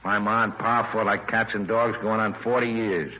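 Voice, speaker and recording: An actor playing a tough, wanted gangster on the run, in clipped hardboiled 1940s radio acting. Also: male voice, lowish voice, fairly even intonation, normal speed, lightly acted. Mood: weary tender. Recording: dull old radio recording with faint hiss.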